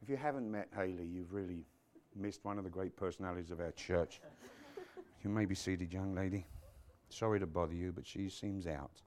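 A man's voice: low voice, moderate pace, darkish tone, a little hiss or hum. A man preaching a sermon to his congregation, quoting scripture, dropping muttered asides and joking with the people in front of him. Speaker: pastor.

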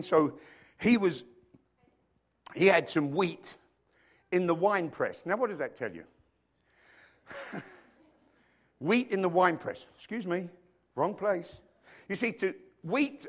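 A male preacher delivering a sermon, swinging between loud emphatic declarations and quiet joking asides. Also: on the high side. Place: church hall with stage lights.

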